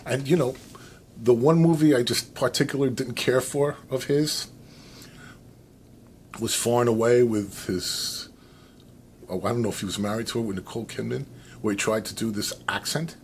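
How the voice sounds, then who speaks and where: American guy vlogging his opinions, rambling, animated, faint background noise. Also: mid-range voice, normal speed, pauses often. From United States. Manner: rambling, animated, with many restarts and fillers. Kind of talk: casual opinion monologue.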